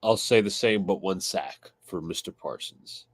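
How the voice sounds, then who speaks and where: A man on a sports podcast, with a lowish voice that sounds dry and close to the mic. He stumbles and restarts his words, then hurries through his game predictions. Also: a little slow, husky, dry recording. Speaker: podcast co-host. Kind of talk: casual sports chat.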